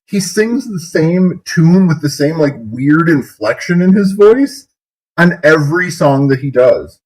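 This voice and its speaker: A man's voice: fairly high pitch, animated, unhurried, low-quality recording. A man hosting a stream, giving sarcastic commentary on videos, often breaking into incredulous laughter. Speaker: streamer host.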